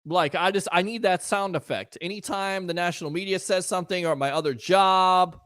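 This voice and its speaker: A man's voice: sits high, normal speed, a bit bright, smooth, no echo, studio quality. A man hosting a casual sports talk show, riffing sarcastically and chatting with listeners.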